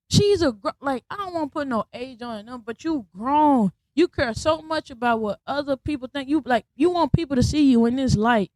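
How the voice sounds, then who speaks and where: A woman's voice: high voice, fairly quick, hardly any pauses, dry recording. A young adult woman hosting a podcast, telling a story in a blunt, slangy, casual way and acting out the people in it. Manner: blunt, slangy, animated retelling with quoted voices. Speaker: podcast host.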